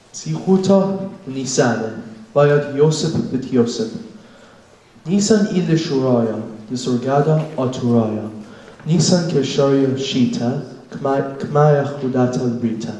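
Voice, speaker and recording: A teenage boy with a mellow voice recites verse at a slow, even pace. Each line has a steady rhythm. He is picked up from a distance in a booming, echoey hall. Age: teens. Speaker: poetry reciter. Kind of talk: poem recitation. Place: school event hall.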